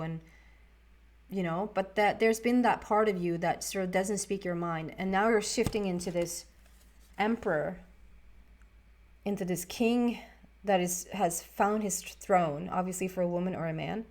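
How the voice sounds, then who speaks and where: A woman's voice: mid-range voice, a little mellow. A woman giving a casual, rambling tarot reading to camera, often restarting her words. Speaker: tarot reader.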